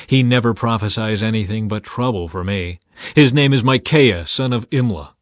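A man voicing an angry, scheming ancient king with a sharp, commanding manner in a scripted scripture reading. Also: lowish voice, normal speed, no room sound, clean studio sound, natural voice.

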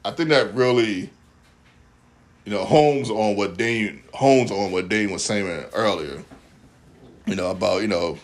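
A man's voice: on the low side, measured pace, long pauses. A man chatting casually as a podcast co-host, rambling with lots of fillers and slang while recapping a TV episode.

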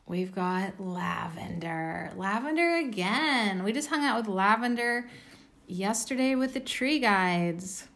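A woman's voice: medium pitch, animated, slow pace, fairly bright tone. A tired woman giving a casual oracle card reading, blunt and self-mocking, with the odd swear.

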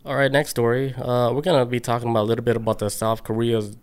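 A man's voice: medium pitch, flat delivery, fast, smooth. A man co-hosting a podcast, rambling in a laid-back way with lots of fillers. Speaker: podcast co-host. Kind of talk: casual podcast chat.

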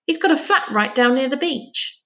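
A woman's voice: high-pitched, animated, normal speed, pushed and bright, pitched above the performer's own voice, full character voice. Woman playing a blustering football-mad boy. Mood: defensive. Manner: blustering, raised voice.

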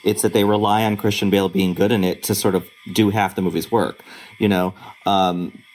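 A man's voice: low voice, flat delivery, fairly quick, darkish tone. A man co-hosting a podcast, musing casually with many restarts and fillers. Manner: rambling, hesitant, many fillers. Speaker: podcast co-host and critic. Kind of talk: casual panel chat.

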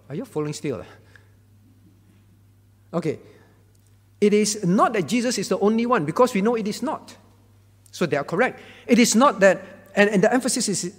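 A male pastor teaching through Bible questions, repeating key phrases and checking in with listeners. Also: sits high. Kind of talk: teaching Q&A talk. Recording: long reverb hall.

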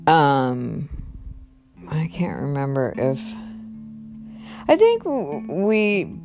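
A middle-aged woman candidly retells a personal story with animation, quoting other people in a rising pitch and filling her speech with "like" and "you know."

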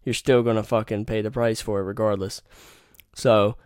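Profane young man, smooth low voice. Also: level tone, moderate pace, a little mellow, no echo, clean studio sound. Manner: profane, rambling, opinionated. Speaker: podcast host. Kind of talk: casual storytelling monologue.

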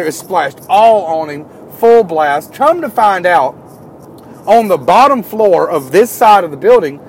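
A man casually telling animated stories about his trade job, climbing higher and louder when worked up. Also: slight background noise. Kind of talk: casual storytelling.

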